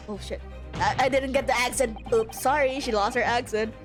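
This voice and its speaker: A woman's voice: on the high side, normal speed. A young woman streamer playing a story game, reading dialogue aloud and chatting casually with a giggly, swearing manner. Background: game music.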